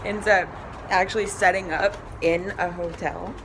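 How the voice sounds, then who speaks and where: A woman's voice: fairly low pitch, fairly even intonation, normal speed, background noise. A woman competing in bodybuilding, talking casually to camera in a chatty, openly emotional way. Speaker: bodybuilding competitor vlogging her show day. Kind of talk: casual vlog talk to camera. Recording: background music and crowd chatter.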